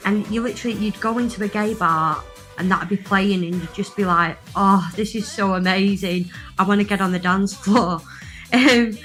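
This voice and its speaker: A woman's voice: mid-range voice, bright, forceful tone. A woman recording a chatty, gushing voice message, full of fillers. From northwest England. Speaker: listener sending a voice message.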